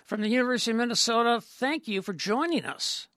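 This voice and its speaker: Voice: medium pitch, animated, quick pace, a bit bright, no echo. A podcast host chatting casually with a guest, stammering through many restarts. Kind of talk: casual interview talk.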